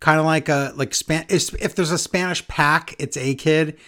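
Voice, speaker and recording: A man's voice: a little high, fairly even intonation, normal speed, pushed and bright. A man co-hosts a casual wrestling chat. He is easygoing and hesitant and fills his sentences with ums and uhs. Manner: hesitant, many fillers, easygoing. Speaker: podcast co-host.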